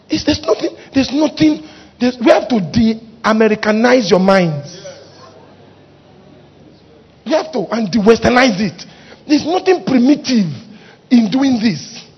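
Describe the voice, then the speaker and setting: A middle-aged man, a pastor preaching a fiery sermon with shouted exhortations. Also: sits high, animated, normal speed, husky.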